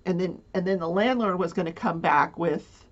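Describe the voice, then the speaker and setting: A woman's voice: lowish voice, moderate pace. A woman telling a personal story in a casual, rambling way, flustered, with many fillers and nervous laughs. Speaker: livestreamer. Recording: dull lo-fi sound.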